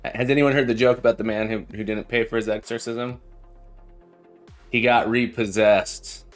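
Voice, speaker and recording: A man's voice: mid-range voice, fairly even intonation, moderate pace. A man who teaches programming, chatting casually on a live coding stream, telling jokes and often repeating his phrases. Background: faint background music.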